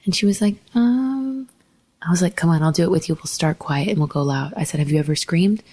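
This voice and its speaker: Woman, podcast host, low-pitched, candid storytelling, profane and emphatic. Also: fast talker, warm tone, breathy edge. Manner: emphatic and profane, with quoted dialogue.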